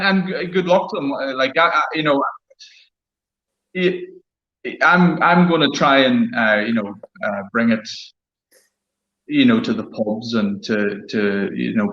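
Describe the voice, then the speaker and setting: A man from Donegal speaks haltingly in a casual chat, repeating words as he goes. His call audio sounds roomy and echoey. It is also dull and muffled. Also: mid-range voice, pushed and bright. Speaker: distiller. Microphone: online call.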